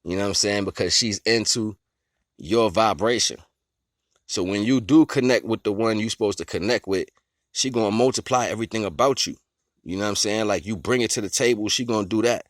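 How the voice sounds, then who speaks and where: This vlogger talks briskly in a lowish voice, rambling laid-back about life philosophy with lots of chuckles and a nonstop "you know what I'm saying." He explains ideas through simple everyday comparisons, and the recording is dry and studio-clean.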